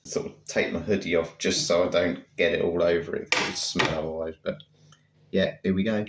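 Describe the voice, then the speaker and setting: A man's voice: low voice, steady tone, moderate pace. A man vlogging casually, rambling with lots of fillers, speaking into a handheld phone outside on a seaside promenade. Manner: rambling, chatty, full of fillers. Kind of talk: casual vlog chat. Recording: loud outdoor background noise.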